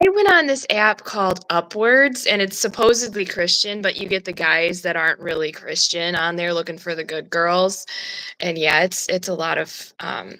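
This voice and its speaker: A woman with an Upper Midwest accent, a guest in a casual chat, telling stories with an animated, laughing manner. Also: lowish voice, rough recording. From North Midwest of the USA.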